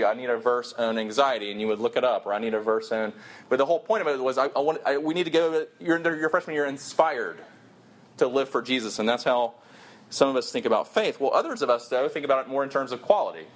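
A man's voice: mid-range voice, quick pace. A young man preaching a sermon to college students, earnest and storytelling, with his voice jumping up for emphasis.

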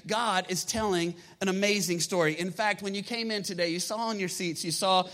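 Man, pastor, sermon, energetic, emphatic, rhetorical questions, high voice, bright tone. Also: fairly quick. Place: church sanctuary.

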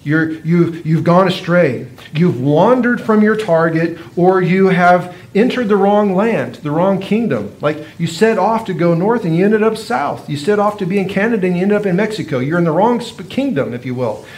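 A man with a slightly higher voice delivers a sermon. He teaches in a loose, conversational way, often turning to his listeners with rhetorical questions. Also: lively intonation, moderate pace, hardly any pauses, a little mellow. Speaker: pastor.

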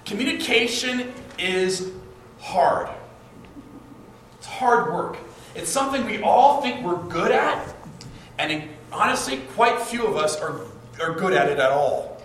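Guy giving a sermon, chatty, a bit high voice, big echo, mic far off. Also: animated, unhurried, fairly bright tone, a little hiss or hum. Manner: conversational, acts out quoted couples. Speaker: pastor. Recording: echoey hall, voice from a distance.

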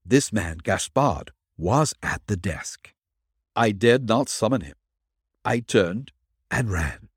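A man's voice: fairly low pitch, lively intonation, slow pace, breathy edge, no echo, clean studio sound, exaggerated voice. A man reading a frightened confessing witness. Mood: confessional.

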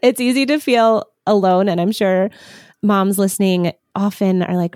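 A woman's voice: medium pitch, normal speed, darkish tone, dry recording, clean studio sound. A woman hosting a Christian podcast, speaking in a sincere, reflective way. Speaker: podcast host.

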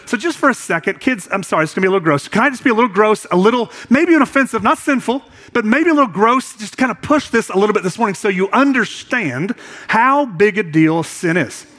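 A man's voice: high-pitched, animated, fast talker, a bit bright. A man in his thirties, a pastor preaching a conversational sermon, often repeating words as he talks.

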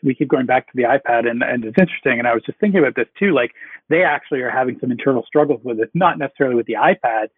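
A man with a husky voice rambles casually through his points in a panel chat. His voice comes through a tinny, phone-like line that sounds close and dry. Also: medium pitch, racing, no room sound.

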